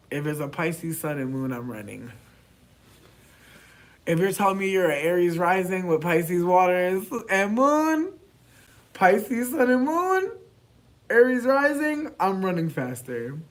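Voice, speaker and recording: Man vlogger, slightly high voice, very lively and profane, loud bursts then muttered asides. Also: measured pace. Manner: animated and profane, swinging from loud outbursts to mumbled asides. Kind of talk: casual chat to camera.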